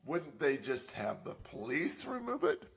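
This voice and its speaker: A man's voice: a little high, wildly swooping pitch, measured pace, creaky, a bit bright. An older man co-hosting a podcast, telling a story in a rambling, hesitant way with lots of fillers. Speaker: podcast co-host. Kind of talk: casual comedic chat.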